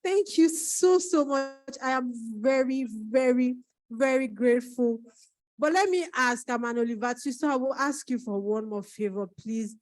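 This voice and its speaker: At her book launch, a Nigerian author delivers an emotional thank-you speech, tearful and struggling to hold back crying. Her voice is on the high side at a moderate pace, and the recording is rough.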